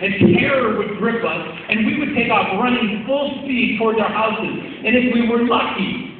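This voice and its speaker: A man's voice: extremely high pitch, moderate pace, noisy background. A man preaching a sermon as pastor, telling stories in a conversational way and acting out the quotes. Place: church hall. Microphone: far camera. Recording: distant echoey church hall, lo-fi camera.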